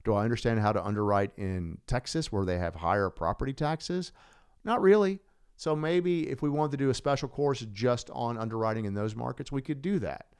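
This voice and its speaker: A man's voice: mid-range voice, fairly quick, darkish tone, smooth. A man presenting a live online course, talking casually and enthusiastically with many fillers and restarts.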